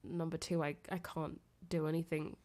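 A young woman, sick and nasal with a fever, talking softly and intimately in a girlfriend phone-call role-play, often giggling and trailing off. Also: low-pitched, little pitch movement, normal speed. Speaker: audio creator.

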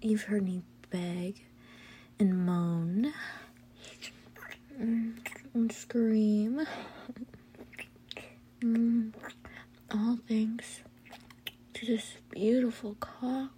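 A woman's voice: fairly high pitch, fairly even intonation, extremely slow, long pauses, a little hiss or hum. A woman playing a teasing girlfriend in whispered role-play. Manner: breathy whispers with soft hums and giggles. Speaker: audio role-play performer.

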